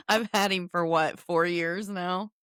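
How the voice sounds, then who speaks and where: A woman's voice: lowish voice, takes it slowly, fairly bright tone, clean tone, dry recording, studio quality. A middle-aged woman co-hosting a podcast, chatting in a wry, laid-back way and laughing along. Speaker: podcast co-host. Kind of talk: casual recap chat.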